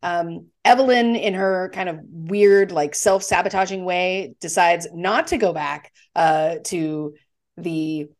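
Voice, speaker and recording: A woman's voice: on the low side, slow. A woman co-hosting a podcast, chatting casually as she retells scenes from a film, with fillers. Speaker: podcast co-host. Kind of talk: casual movie discussion.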